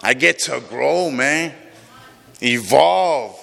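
A man's voice: medium pitch, animated, extremely slow, creaky, sharp tone. A man sharing his recovery story with a group, raw and emotional, swearing often, heard in a large room. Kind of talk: personal recovery testimony to a group. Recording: long reverb of a large hall.

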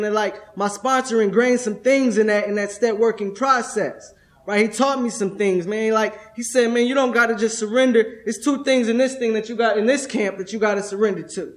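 A young man speaking at a recovery convention workshop, streetwise and profane, tagging nearly every thought with "right?". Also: high-pitched. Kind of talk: testimony-style workshop talk. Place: convention room.

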